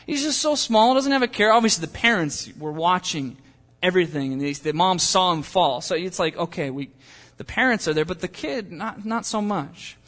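A man's voice: sits high, expressive, moderate pace, a bit bright, big-room sound. A man preaching a sermon in a conversational way, building to impassioned pleas. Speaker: pastor.

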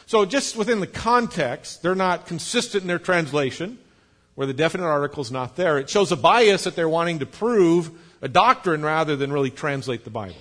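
A pastor preaching a sermon, explaining patiently, spelling out words, with light jokes for the congregation. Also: male voice, fairly high pitch, lively intonation, normal speed, fairly bright tone. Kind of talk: sermon teaching.

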